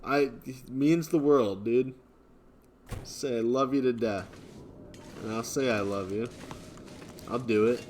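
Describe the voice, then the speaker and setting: A man live-streaming, reading and answering viewer chat in a relaxed way, chuckling often. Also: mid-range voice, takes it slowly, pauses often, slight background noise. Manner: laid-back, chuckling often, thanking viewers.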